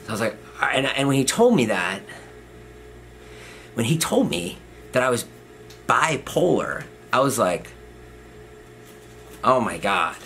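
A man in his thirties chats to camera in a loose, rambling storytelling style, full of fillers and self-deprecating asides. His voice is bright and forward, with a faint hiss under it. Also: medium pitch, big pitch swings, a little slow, pauses often. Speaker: vlogger. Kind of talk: casual storytelling.

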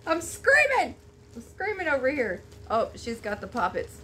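A woman vlogger chatting to camera at home while unboxing a gift, gushing and excitable. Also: fairly high pitch, moderate pace, heavy background noise. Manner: gushing, excitable, Southern-style "y'all". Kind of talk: casual chat to camera.

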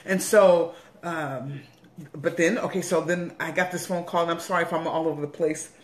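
A woman's voice: on the low side, fairly even intonation, normal speed. A woman bishop giving an earnest personal testimony, repeating phrases for emphasis. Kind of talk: personal testimony in a weekly online message. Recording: roomy echo.

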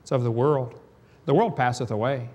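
A man with a Southern US accent preaching a sermon in a folksy, joking way, swinging between loud and soft. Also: medium pitch, normal speed. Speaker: evangelist preacher.

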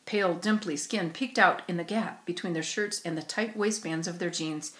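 A woman's voice: on the low side, moderate pace. Woman reading a children's story aloud. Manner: expressive storytelling. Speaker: narrator. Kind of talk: audiobook reading. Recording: roomy echo.

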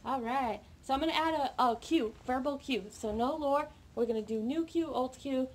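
A woman's voice: sits high, normal speed. A woman dog trainer explaining a live training session to viewers while working with her puppy off camera, coaching in an upbeat way. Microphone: camera mic, off camera. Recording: noticeable background noise with training clicks.

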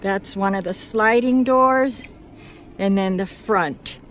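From her van campsite in the woods, a woman vlogs outdoors to her viewers, talking earnestly, gratefully, and chattily to the camera. Her voice is mid-range and her pace slow, and she sounds out of breath. A little hiss or hum sits in the recording.

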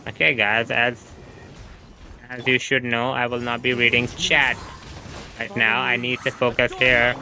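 A man's voice: mid-range voice, flat delivery, unhurried, long pauses, bright, forceful tone, slight background noise. A man with an Indian English accent, chatting casually on a gaming livestream, reading chat aloud and laughing often. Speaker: gaming streamer. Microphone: home streaming setup microphone.

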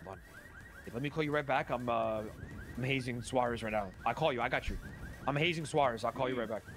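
A man's voice: medium pitch, fast, crowd noise. A man role-playing a domineering gang boss in a game, taunting another player with mock British slang. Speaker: roleplay gang leader. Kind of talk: in-character roleplay banter. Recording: game voice chat with background noise.

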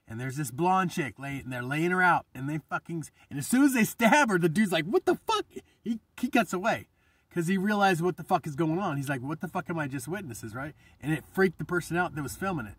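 A man's voice: medium pitch, a bit bright, husky, no room sound, far from the mic. A man hosting his own channel, delivering a rambling, profane, agitated monologue. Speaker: channel host. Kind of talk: ranting monologue.

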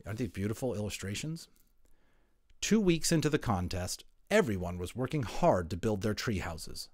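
Give me an expressive man reading a kids' picture book, with a dry sound. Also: fairly low pitch, moderate pace, no room sound. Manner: animated, chatty asides. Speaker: voice actor narrator. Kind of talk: children's book read-aloud.

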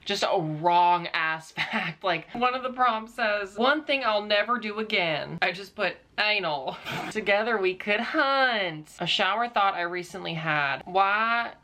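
A woman's voice: mid-range voice, sharp tone. A young woman in her twenties vlogging in a casual, sarcastic, giggly way. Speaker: YouTuber. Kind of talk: casual vlog commentary.

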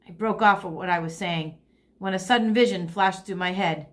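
A woman's voice: mid-range voice, normal speed. A woman teacher reading a children's chapter book aloud to a second grade class, expressively. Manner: expressive storytelling.

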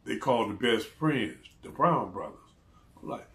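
A man telling a story in a casual, animated way, laughing often and acting out the people he quotes. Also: on the low side, normal speed, echoey room.

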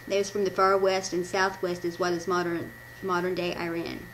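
A woman's voice: lowish voice, flat delivery, normal speed, few pauses, slight background noise, poor audio. A woman from the American Midwest giving a casual church devotion, reading from her notes, often stumbling and correcting herself with a laugh. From Midwestern United States. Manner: rambling, self-correcting, laughs at her own slips. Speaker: devotional speaker.

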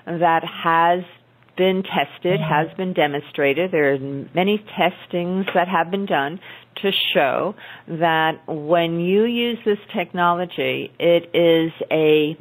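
A woman's voice: on the low side, slow, poor audio. A woman speaking as an interview guest, explaining things earnestly with many restarts and fillers. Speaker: guest, naturopathic doctor.

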